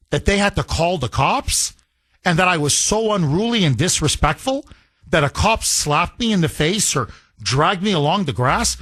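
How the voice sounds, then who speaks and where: Male talk radio host, animated storyteller, voice swings widely. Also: a little high, no room sound, clean studio sound.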